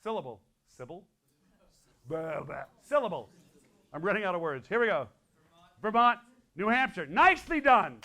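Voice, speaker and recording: A man's voice: sits high, sing-song, sharp tone. A man in his sixties from Connecticut, a folk musician joking and teasing his way through stage patter for a school audience. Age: 60s. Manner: playful, teasing, quick asides. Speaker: folk musician and guest performer. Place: school hall, live audience.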